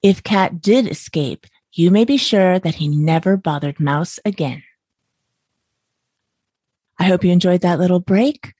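A woman reading a bedtime story aloud in a calm, even way, close to the mic. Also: fairly low pitch, measured pace, pauses often, slightly rough, dry recording.

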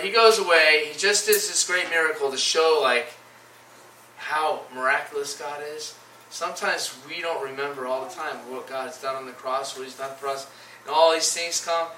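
Male lay preacher, fairly high voice, casual scripture retelling; echoey, distant room sound with faint background hum. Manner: reads scripture then retells it in casual, animated paraphrase. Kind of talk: informal Bible teaching.

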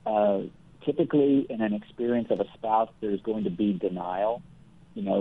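A man speaking as the guest counselor in a conversational interview, explaining things earnestly and in a measured way, with everyday examples. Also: lowish voice. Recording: phone-like thin line.

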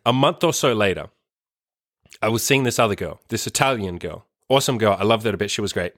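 A man's voice: lowish voice, lively intonation, fairly quick, fairly bright tone, no echo, studio quality. A young man telling a long personal story in a casual, profane, emphatic way, full of "like". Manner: profane, emphatic, heavy use of "like". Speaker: storyteller host.

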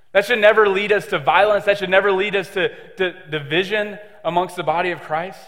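A man's voice: sits high, bright, forceful tone. A young man preaching a casual sermon, joking and chatty with many fillers. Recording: long reverb of a hall.

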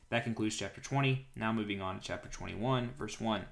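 A man hosting a podcast, reading a long Bible passage aloud with casual asides and lively reactions. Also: on the low side, normal speed, creaky. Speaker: podcast host reading scripture.

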